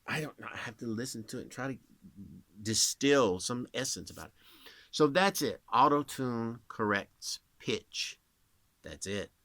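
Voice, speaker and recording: Man, voice actor, rambling casual vlog talk, lively up-and-down pitch, dry close sound. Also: measured pace, no echo. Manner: rambling, demonstrates voices as he explains.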